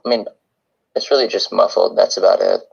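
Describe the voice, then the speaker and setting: Husky gravelly guy on a dull-sounding call, teasing his buddy. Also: deep voice, wildly swooping pitch, brisk, a little mellow. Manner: teasing, checks the stream. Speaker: co-host in a call. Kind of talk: casual chat in a voice call.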